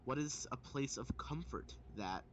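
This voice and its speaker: A man's voice: medium pitch, lively intonation, measured pace, fairly bright tone. A man playing a tabletop game, chatting casually with lots of fillers over an online voice call. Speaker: player. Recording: dull lo-fi mic.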